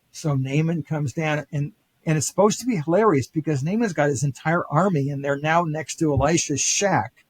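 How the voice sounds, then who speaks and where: An older man with a slightly raised pitch and a husky edge, telling ancient stories as a podcast guest. He jumps into quoted dialogue and trips through restarts and fillers. The sound is close and dry. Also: normal speed, dry recording, poor audio. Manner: animated retelling with acted quotes, many fillers and restarts. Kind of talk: casual storytelling lecture.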